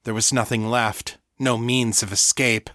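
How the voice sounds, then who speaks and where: A man reads his own fiction aloud in a steady, even storytelling voice. His tone is bright and clear, neither high nor low. The sound is dry and close to the mic. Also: measured pace, no room sound. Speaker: author and audiobook narrator. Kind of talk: scripted narration.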